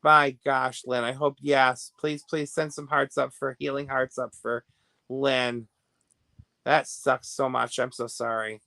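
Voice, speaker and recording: Reacting to viewer comments and gossiping, the American livestream host laughs often and alternates between hushed remarks and loud bursts. He sounds gravelly and flat, medium in pitch and a little slow, with no room sound.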